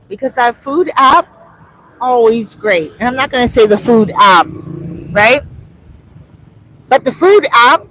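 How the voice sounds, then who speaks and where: Her voice high-pitched, a woman chats on a street in a phone-recorded vlog, bringing her stories to life by acting out the dialogue. The rough recording has a little hiss or hum.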